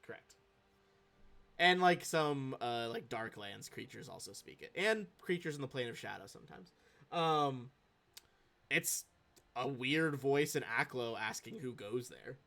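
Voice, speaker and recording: A lively, rambling male game master. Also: mid-range voice, measured pace, gravelly. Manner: casual, rambling, lively delivery. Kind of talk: narrating a tabletop game.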